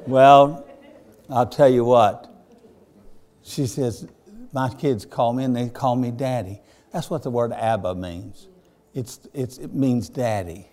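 An older man preaching a sermon in a folksy storytelling way, swinging between loud fervor and hushed tenderness. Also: mid-range voice, a little slow.

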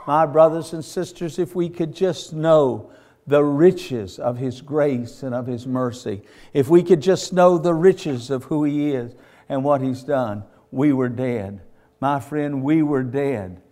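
A man's voice: mid-range voice, slow pace, mellow. A man preaching a sermon to his church, retelling stories with fervor and repeating phrases in rhythmic runs. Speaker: pastor.

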